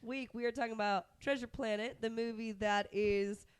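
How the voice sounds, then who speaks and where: A woman co-hosting a podcast in casual chat, hoarse from a cold and bantering with a giggle. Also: on the high side, fairly even intonation, moderate pace, dry recording, studio quality. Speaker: podcast co-host.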